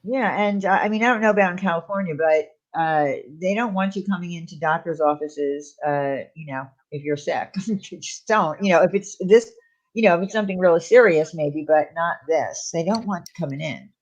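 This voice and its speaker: A woman's voice: lowish voice, moderate pace, highs cut off. A chatty, playful woman co-hosting a casual livestream and welcoming viewers. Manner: chatty and playful, laughs easily. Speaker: livestream co-host.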